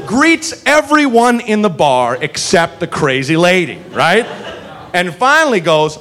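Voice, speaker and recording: A man doing stand-up comedy, telling a long story and acting out the people in it with loud, profane energy. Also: high-pitched, unhurried, some chatter behind. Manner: animated, profane, acts out characters mid-story. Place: comedy club stage with live audience.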